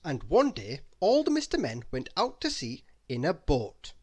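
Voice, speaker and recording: A man reading a bedtime story aloud in an expressive, lively way. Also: a little high, normal speed.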